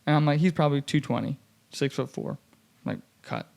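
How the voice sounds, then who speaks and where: A man's voice: on the high side, a little fast, creaky. Young guy hosting a podcast, chatty, lots of "like", mimics people mid-story. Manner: animated, acts out quoted voices, many "like" fillers. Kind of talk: casual storytelling chat.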